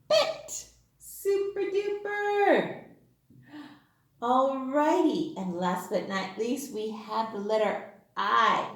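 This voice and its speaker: A woman kindergarten teacher giving an online phonics lesson to young children, in a sing-song voice full of gasps and excited exclamations. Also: medium pitch. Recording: echoey room.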